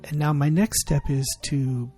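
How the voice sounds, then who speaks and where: A man's voice: on the high side, fairly even intonation, a little slow, dark tone, soft background music. A man co-hosting a parenting podcast, talking in an earnest, reflective way. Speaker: podcast co-host. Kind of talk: casual chat.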